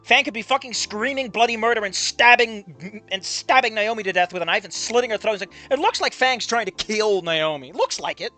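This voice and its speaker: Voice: medium pitch, brisk, hardly any pauses, pushed and bright, faint music behind. A streamer reading through a game and ranting about its writing in a profane, exasperated way. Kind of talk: game playthrough commentary.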